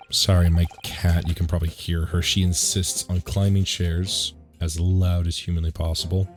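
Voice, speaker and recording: A man hosting a casual let's play, rambling excitedly and joking between dialogue lines. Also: low-pitched, moderate pace, few pauses, faint music behind. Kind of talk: casual gaming commentary.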